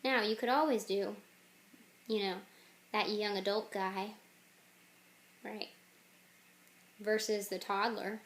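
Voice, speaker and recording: A woman casually pitching a game idea, rambling with jokey asides. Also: steady tone, slow pace, long pauses. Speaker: channel host.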